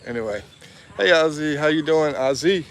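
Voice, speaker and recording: A man's voice: on the high side, lively intonation, moderate pace, a little hiss or hum. Chatty man vlogging live outdoors. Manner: chatty, reads viewer comments aloud, laughs often. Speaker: livestream vlogger. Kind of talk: casual live walking vlog. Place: outdoors in a town.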